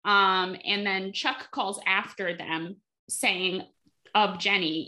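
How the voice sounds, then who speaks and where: A woman's voice: medium pitch, steady tone, takes it slowly, pushed and bright. A woman hosting a casual podcast, recapping an episode in a chatty way with lots of fillers. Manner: chatty, frequent fillers, acts out quotes. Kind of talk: casual chat.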